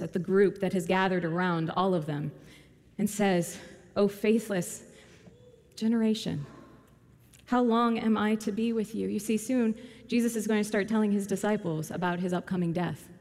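A woman's voice: lowish voice, warm tone. A woman preaching a sermon, retelling a scripture story and addressing her congregation directly. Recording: long hall reverb.

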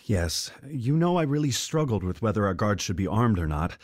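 A man's voice: on the low side, very animated, moderate pace, dry recording, clean studio sound. A protective missionary father. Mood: worried. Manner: earnest, worried.

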